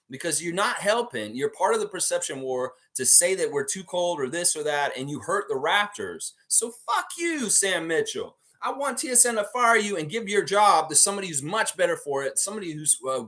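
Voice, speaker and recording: A man's voice: fairly high pitch, bright, forceful tone. Heated Canadian man ranting on a stream. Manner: heated, ranting, mocking voices. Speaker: sports channel host. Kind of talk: live-stream sports rant.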